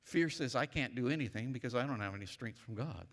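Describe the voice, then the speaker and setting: A man's voice: mid-range voice, expressive, fast talker. A man pastor preaching a sermon emphatically, leading his church in call-and-response. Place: church sanctuary. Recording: long reverb of a church hall.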